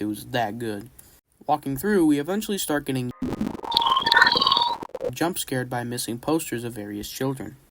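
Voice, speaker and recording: A man's voice: medium pitch, background noise. A man giving casual, enthusiastic commentary as a gaming YouTuber walking through a horror game.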